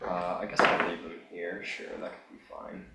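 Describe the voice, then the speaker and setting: A man's voice: low voice, flat delivery, normal speed. A man running a tabletop game as game master, thinking aloud and apologizing as he juggles things. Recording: roomy mic with faint noise.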